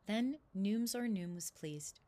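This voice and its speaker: A woman reading a children's storybook aloud with steady, clear narration. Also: medium pitch, takes it slowly.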